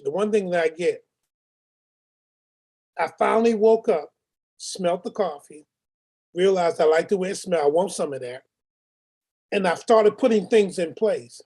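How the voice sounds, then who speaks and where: A man speaking up on a group video call, blunt and animated, cursing and repeating himself. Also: high voice. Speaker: call participant. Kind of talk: casual testimony.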